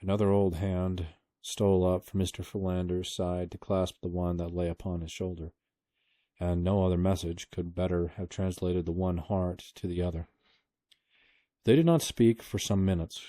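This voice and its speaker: A man reading a book aloud to his kids, telling the story at a steady pace. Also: deep voice, normal speed, no room sound, studio quality.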